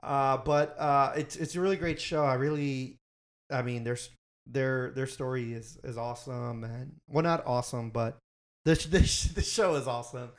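A man's voice: mid-range voice, steady tone, normal speed. A young man hosting a casual podcast chat, rambling and correcting himself as he recommends shows. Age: young adult. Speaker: podcast host.

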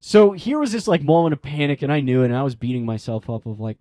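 A man's voice: medium pitch, brisk, dry recording, studio quality. A young man, a priest, telling a personal story in a casual interview, acting out the voices he quotes. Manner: animated, acts out quoted voices, frequent "like" fillers.

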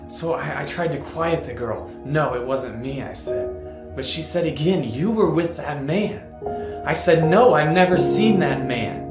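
A man's voice: fairly high pitch, natural voice. A man playing a stammering, remorseful fisherman. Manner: halting, stammering, emotional first-person monologue. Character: remorseful fisherman disciple recalling his denial, adult man. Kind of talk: dramatic monologue over guitar. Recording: roomy sound with loud guitar music.

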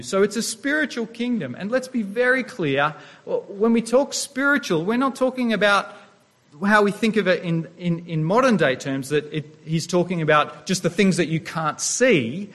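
A man preaching from the pulpit in a fairly high voice. He speaks earnestly, posing rhetorical questions to the congregation and sometimes restarting a phrase. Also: animated, normal speed, fairly bright tone. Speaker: pastor. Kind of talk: sermon.

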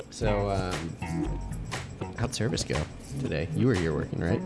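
A man's voice: low voice, expressive, a little slow, over music. A man hosting a casual podcast chat, joking and teasing his guests with wry asides. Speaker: podcast host.

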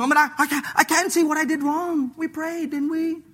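High, bright-voiced playful preacher man. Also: a little fast. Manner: animated, playful, acting out voices and laughing; mixes scripture with slang like "dude". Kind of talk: sermon.

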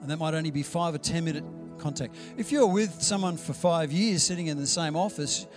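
A man's voice: fairly high pitch, fairly quick. Conversational preacher man over music. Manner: conversational storytelling preacher, acts out quoted dialogue. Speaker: pastor. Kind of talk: sermon.

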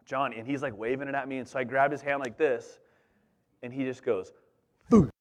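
A middle-aged man preaching as a pastor, telling a childhood story in a lively, conversational way full of asides to the congregation. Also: medium pitch, brisk. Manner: animated, conversational, repeats "you know what I'm saying". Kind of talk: storytelling sermon.

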